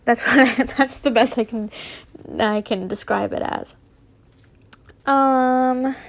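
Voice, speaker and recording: Giggly young woman reading fanfiction slowly. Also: sits high. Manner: giggly, rambling, stumbles over words. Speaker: fanfiction reader. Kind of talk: casual reading aloud with asides.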